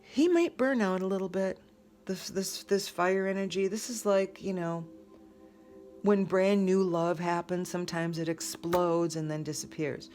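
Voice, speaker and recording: A woman's voice: lowish voice, unhurried, a little mellow, faint music behind. A woman giving a casual tarot reading, talking in a rambling, conversational way with lots of fillers and restarts. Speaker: tarot reader.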